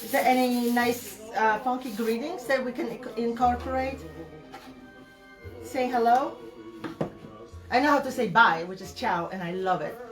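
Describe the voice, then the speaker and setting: A woman's voice: on the high side, a little slow, pauses often. Chatty middle-aged woman, distant mic, music. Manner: chatty, talks to viewers while demonstrating. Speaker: furniture painter hosting a live stream. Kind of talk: casual live-stream chat while working.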